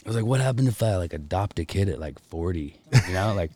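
A middle-aged man telling profane stories about his kids in casual chat, often jumping into a high voice to mimic others. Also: expressive, fast, darkish tone. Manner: profane storytelling, mimics people in a raised voice. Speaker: podcast co-host.

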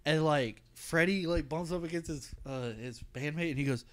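A man co-hosting a casual movie podcast, rambling and profane, bursting into loud shouted impressions of movie lines. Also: on the high side, normal speed, few pauses. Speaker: podcast co-host. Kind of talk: casual movie-review chat.

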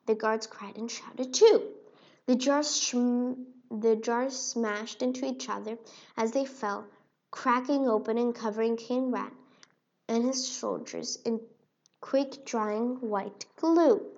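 A woman reads a children's storybook aloud, slow and expressive. Her voice is fairly high, and the recording is dull and lo-fi. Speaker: narrator. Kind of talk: storybook reading.

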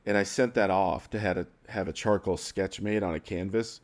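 A man telling a personal story in an interview, halting and tearful, breaking into soft laughs and trailing off. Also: sits low. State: crying at times. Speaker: guest.

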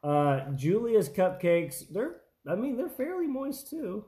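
A man's voice: sits high, sing-song, slow pace, mellow. A man hosting a family baking taste test in a home kitchen, chatting casually with lots of fillers and restarts.

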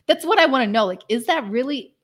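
A woman's voice: high-pitched, lively intonation, fast. Chatty woman full of "like" fillers. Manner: chatty and enthusiastic, heavy use of "like" fillers, laughs often. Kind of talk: casual chat.

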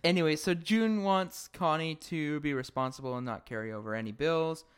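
A man's voice: fairly high pitch, moderate pace, clear, resonant tone. A Canadian man co-hosting a podcast, chatting in a laid-back way and laughing often. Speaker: podcast co-host. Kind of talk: casual podcast chat.

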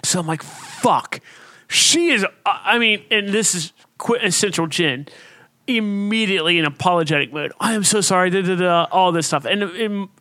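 A man telling a story in casual chat, profane and animated, with shouted outbursts. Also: high-pitched, normal speed, no echo. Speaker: podcast co-host.

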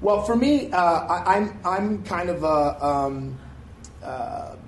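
A man in his thirties from Detroit, a comedian and actor, telling animated stories in a candid live interview. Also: high voice, slow pace. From Detroit, USA. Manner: animated storytelling with frequent restarts and laughs. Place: live interview before an audience. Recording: echoey room, faint ambient noise.

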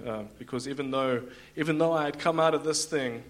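Halting man telling his testimony. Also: a little high. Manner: halting, many fillers and restarts. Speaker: guest giving a testimony. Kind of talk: church testimony, storytelling. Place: church in front of a congregation.

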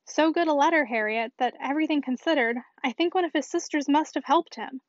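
Woman voicing a high-voiced, decided young lady, precise, dull lo-fi sound. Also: fairly quick, dry recording, natural voice. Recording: dull, dry lo-fi recording.

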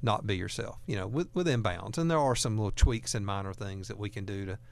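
A man's voice: lowish voice, fairly quick, gravelly, a little mellow. A man hosting a talk radio show, speaking in a folksy, earnest way and often repeating words as he goes. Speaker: radio host.

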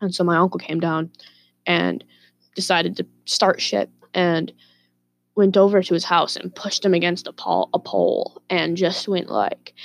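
A woman vlogger casually telling a story to camera, profane and animated, with laughing asides. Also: fairly low pitch, moderate pace, gravelly.

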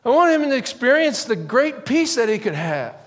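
A middle-aged man preaching a sermon, telling stories in an animated way and acting out loud quoted yells. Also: moderate pace, long reverb tail. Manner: animated, acts out quotes with sudden high yells. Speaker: pastor. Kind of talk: sermon storytelling.

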